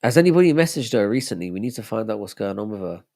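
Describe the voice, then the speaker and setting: Man, young, stream host, deep-ish gravelly voice, laid-back, reads and answers chat. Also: very animated, very fast, darkish tone. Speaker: livestream host. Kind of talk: casual live-stream chat.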